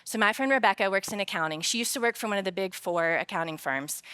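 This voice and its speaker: A woman talks fast in a smooth, mid-range voice on a conference stage. Her faith-based talk on work mixes lively personal anecdotes told with humor, shifting to an earnest, reflective tone when she draws the lesson.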